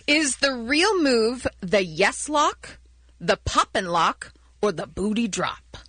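A woman co-hosting a radio show, running a call-in quiz, playful and excitable. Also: fairly high pitch, slow pace, dry recording.

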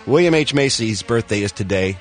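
A man's voice: fairly low pitch, lively intonation, brisk, soft background music. A man hosting a radio show, joking through entertainment news with playful showbiz patter while losing his voice.

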